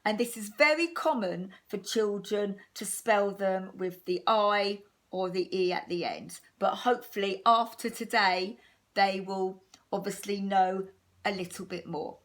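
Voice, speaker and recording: A woman's voice: medium pitch, fairly bright tone. A woman teacher giving a patient home-learning spelling lesson to young children. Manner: slow, patient, clear explaining to young children. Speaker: primary school teacher.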